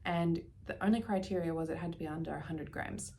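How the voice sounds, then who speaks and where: An Australian woman vlogging casually about her knitting, chatty and prone to dropping into soft, near-whispered asides. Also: lowish voice, fairly quick. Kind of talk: casual chat.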